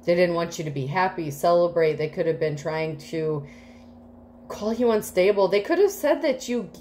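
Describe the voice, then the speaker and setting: Woman, tarot reader, lower voice, rambling, emotional, swears, casual reading, slight background noise. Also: lively intonation, moderate pace, dark tone. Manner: rambling, emotional, swears freely, many fillers.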